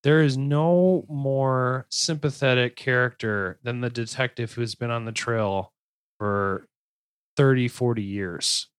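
A man's voice: medium pitch, slow pace, clear, resonant tone, no echo. A man in his thirties or forties hosting a casual true-crime podcast, reading case notes and riffing with crude jokes. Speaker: podcast host.

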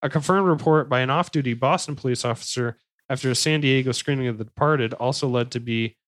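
A young adult man hosting a podcast, telling a crime story in a relaxed, jokey way and correcting himself as he goes. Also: mid-range voice, fast talker, no echo. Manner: relaxed, swearing, jokey asides, self-correcting. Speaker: podcast host. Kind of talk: casual true-crime storytelling.

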